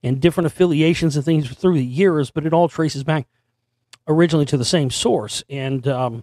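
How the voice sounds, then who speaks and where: A man with a hoarse voice hosting a show and rambling through a monologue, restarting and repeating words as he goes. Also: fairly high pitch, normal speed, warm tone, dry recording, clean studio sound. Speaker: host. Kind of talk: monologue to camera.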